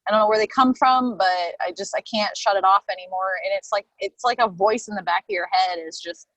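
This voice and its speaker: A woman's voice: medium pitch, fairly quick, a bit bright, no echo, low-quality recording. A woman hosting a podcast, chatting candidly, swearing freely and acting out her own thoughts. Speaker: podcast host. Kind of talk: casual chat.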